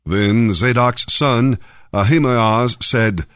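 A man reading a Bible passage aloud as scripted narration, in a measured, even way. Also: fairly low pitch, no echo, clean studio sound. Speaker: Bible reader.

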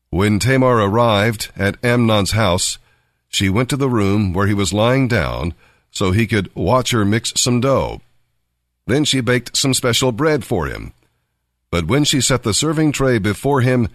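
A man narrating a Bible story in an expressive storytelling manner. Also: lowish voice, dry recording, clean studio sound.

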